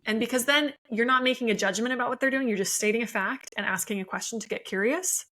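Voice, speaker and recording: On a rough recording, a woman in her thirties who works as a marriage and family therapist guests on a podcast interview. She speaks fast with a fairly high, sharp voice, explaining things warmly and laughing easily.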